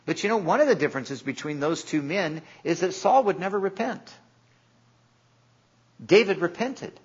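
Husky man preaching earnestly. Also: sits high, lively intonation, normal speed, muffled recording. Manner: earnest preaching, acting out quoted voices. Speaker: pastor. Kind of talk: sermon.

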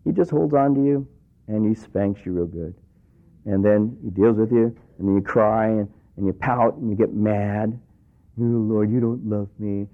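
A middle-aged male pastor with a lowish voice preaches at normal speed in a conversational way, acting out the voices of the people he quotes. The recording sounds tinny, like a phone-quality radio broadcast.

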